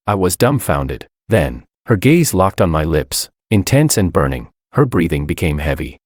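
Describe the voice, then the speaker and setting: Deep-voiced man narrating a dramatic story. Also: darkish tone, no room sound, studio quality. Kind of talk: first-person story narration.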